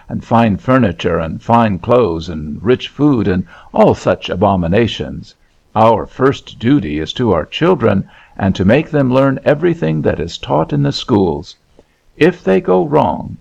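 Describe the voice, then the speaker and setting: A pompous mother lectures her guests on plain living in a storybook reading. A man plays her with a low, husky, gravelly voice, barely changed from his own, on a dull lo-fi recording. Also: darkish tone, full character voice. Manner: prim and preachy. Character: prim, pompous mother boasting of her children.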